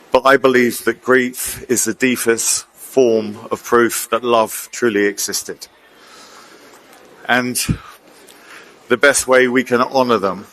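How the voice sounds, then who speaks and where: A man's voice: medium pitch, fairly bright tone. Earnest man giving a stage tribute. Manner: earnest, reflective. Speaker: memorial speaker at an awards ceremony. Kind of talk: heartfelt tribute speech. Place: large concert hall stage.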